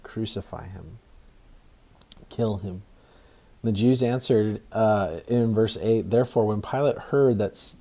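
A man preaching a sermon in a conversational, halting way with many restarts. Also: on the low side, mellow. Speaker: pastor.

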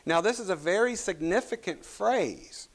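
A man's voice: high-pitched, expressive, moderate pace. A male pastor preaching a sermon, telling folksy stories with southern turns of phrase before reading scripture and praying. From Kentucky. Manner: folksy storytelling with southern expressions. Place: church sanctuary.

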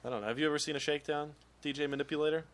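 A man's voice: on the high side, steady tone, racing, slight background noise. A man hosting a podcast, telling rambling stories in casual chat and laughing often. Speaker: podcast host.

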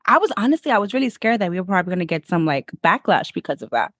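A woman's voice: fairly low pitch, sing-song, racing, fairly bright tone, no room sound. A young woman from Spanish Harlem, New York, co-hosting a podcast in laid-back, profane, giggly chatter. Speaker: podcast co-host. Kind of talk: casual podcast chat.

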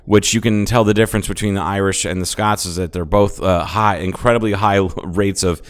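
A man's voice: low-pitched, steady tone, a little fast. A man co-hosting a podcast in crude, joking casual chat while chewing gum. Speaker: podcast co-host.

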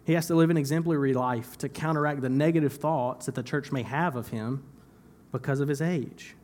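A man's voice: medium pitch, a little fast, darkish tone. A young man preaching a sermon in church, talking conversationally, repeating phrases for emphasis and laughing at himself now and then. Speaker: pastor.

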